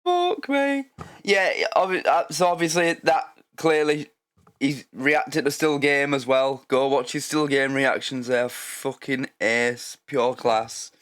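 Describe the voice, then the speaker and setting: A man's voice: medium pitch, slow pace, a bit bright, smooth. A man hosting a reaction video, rambling in a casual, sweary way.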